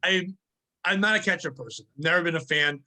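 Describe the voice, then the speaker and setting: High, bright-voiced profane podcast host. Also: male voice, a little fast. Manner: profane, animated, ranting. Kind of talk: casual comedic podcast chat, ad read.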